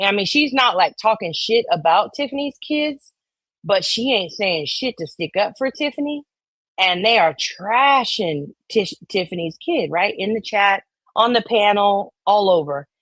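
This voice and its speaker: A woman's voice: mid-range voice, fairly bright tone, dry recording. A woman hosting a livestream, chatting casually and profanely about online drama and reading comments from chat. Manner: profane, conspiratorial, reads chat aloud; acts out quoted voices. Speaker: livestream host.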